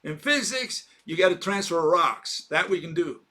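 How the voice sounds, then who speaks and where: A man's voice: high voice, expressive, moderate pace, bright, forceful tone. A man giving an informal, argumentative explanation, full of fillers and rhetorical questions. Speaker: lecturer.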